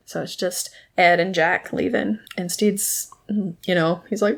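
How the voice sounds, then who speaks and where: A woman casually recapping a TV episode, laughing often and acting out characters' lines in quick asides. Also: medium pitch, fairly even intonation.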